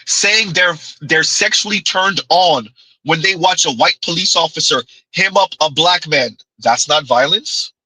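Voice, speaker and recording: In a slightly high, sharp, husky voice at a measured pace, a man hosts a livestream of mocking reaction commentary. He's sarcastic, laughs often and repeats lines to ridicule them. The recording is rough and dry, with no room sound.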